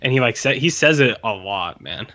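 A man's voice: mid-range voice, lively intonation, moderate pace, pushed and bright. A man co-hosting a podcast in casual chat, rambling, joking and swearing freely. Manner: rambling, jokey and profane. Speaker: podcast co-host. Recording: dull lo-fi sound.

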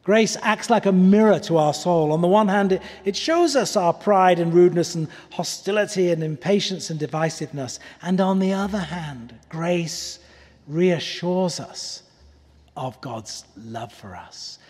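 Husky preacher in a reverberant hall. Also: male voice, high-pitched, animated, a little slow. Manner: earnest, pleading, drops softly on key words. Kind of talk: sermon. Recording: long reverb of a large hall.

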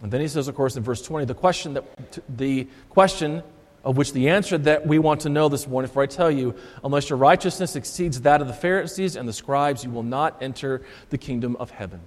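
A man's voice: mid-range voice, brisk. A male Lutheran pastor preaching a sermon, emphatic and repeating his key phrases for stress. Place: church sanctuary. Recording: long church reverb.

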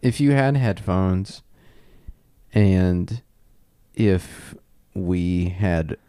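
A man's voice: low-pitched, drawn-out words, warm tone, clear, resonant tone, no echo, studio quality. A man co-hosting a comedy podcast, rambling and laughing through his jokes. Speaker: podcast co-host. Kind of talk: casual comedy chat.

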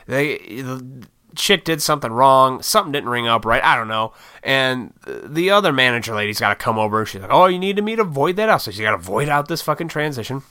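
Speaking fairly quickly in a mid-range voice that's bright, forceful, clear, and resonant, a vlogger short on sleep rambles through a swear-laden story to camera. The studio-quality, dry recording captures him ribbing himself about his impatience in a casual monologue.

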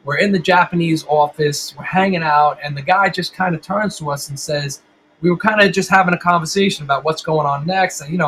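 A man's voice: fairly high pitch, fairly quick, a bit bright, a little hiss or hum, poor audio. A middle-aged man and band musician, telling stories in a casual interview with lots of swearing and rambling restarts.

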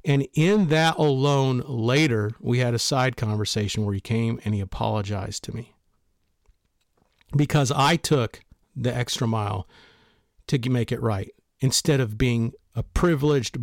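A man's voice: medium pitch, normal speed, dry recording, clean studio sound. Blunt, emphatic male podcast host. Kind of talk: motivational talk on leadership.

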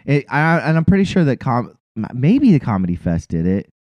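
Profane, animated man on a podcast. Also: mid-range voice, brisk, no echo, lo-fi sound. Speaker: podcast co-host. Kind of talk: casual podcast chat.

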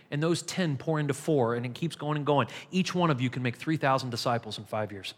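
A man's voice: mid-range voice, a little fast, hardly any pauses. A man pastor preaching a sermon in a church, emphatic and repetitive, building in intensity. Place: church sanctuary. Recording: long hall reverb.

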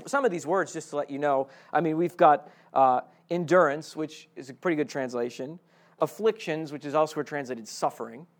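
A man giving a conversational sermon at a Bible college, animated, often repeating words and asking the listeners questions. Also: a little high.

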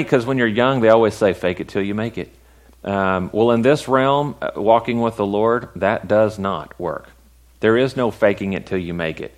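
Folksy joking pastor preaching, low voice. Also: male voice. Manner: folksy, joking asides, reads scripture with rising emphasis. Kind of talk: sermon.

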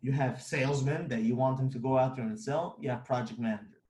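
A man's voice: mid-range voice, fast, darkish tone, echoey room, slight background noise. A man who runs a construction company giving blunt, emphatic business advice, repeating his points.

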